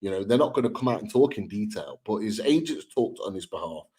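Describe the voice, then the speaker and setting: Earnest low-voiced man. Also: lively intonation, fast talker, mellow, rough recording. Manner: earnest, repeats words and restarts. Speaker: football podcast co-host. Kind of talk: live-stream fan discussion.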